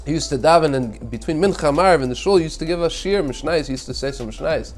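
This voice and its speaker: A man's voice: on the high side, quick pace, faint music behind. A rabbi giving a short Torah thought with a story. He is earnest and repeats words as he restarts his phrases.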